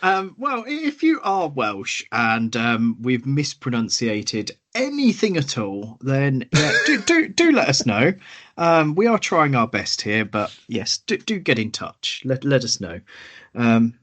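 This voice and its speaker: A man's voice: medium pitch, wildly swooping pitch, unhurried, a bit bright. A man co-hosting a podcast, chatting in an upbeat way, often laughing and repeating words. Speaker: podcast co-host. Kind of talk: casual podcast chat.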